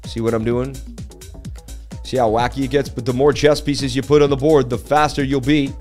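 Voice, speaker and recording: An excited man runs a live crypto market stream, shouting out viewers and joking with the chat. His voice is a medium-pitched one. Soft background music plays throughout. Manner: hyped, rapid shout-outs, jokey. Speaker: crypto livestream host.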